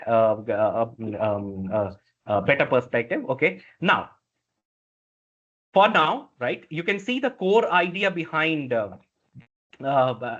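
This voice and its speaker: A man with an Indian English accent teaches a classroom, his voice sitting a little high. He talks in halting, repetitive bursts and keeps asking "right?" to check that the class is following. The recording sounds dull and muffled. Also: fairly bright tone. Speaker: instructor. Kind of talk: classroom lecture.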